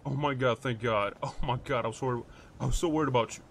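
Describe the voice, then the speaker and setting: A man role-playing a mechanic in a game, excitable, slangy and swearing a lot. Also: mid-range voice, fast, slight background noise. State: out of breath. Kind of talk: in-character game role-play.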